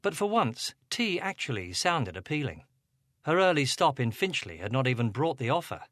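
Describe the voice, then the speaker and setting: A man narrating an audiobook, expressive and giving each character a voice. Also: mid-range voice, moderate pace, no echo, clean studio sound.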